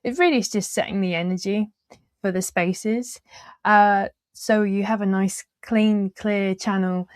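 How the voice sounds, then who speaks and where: A woman hosts a relaxed interview at a medium pitch, drifting through long, trailing sentences full of small fillers. She laughs easily between thoughts. Her voice sounds dry and close, with almost no room around it. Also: unhurried, clean tone, no echo. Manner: laughs easily while talking. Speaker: podcast host. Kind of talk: casual conversational interview.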